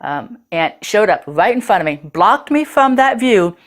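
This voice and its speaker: A woman's voice: mid-range voice, sing-song, measured pace. A woman host telling a personal story in a candid, earthy way, with casual swearing.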